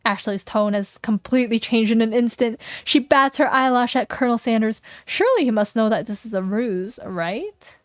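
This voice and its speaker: Playful young woman streamer narrating a game, slightly high voice, close dry mic. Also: expressive, normal speed, hardly any pauses, no room sound. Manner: playful and giggly, jokes with chat. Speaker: vtuber streamer. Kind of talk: reading a game aloud with voices.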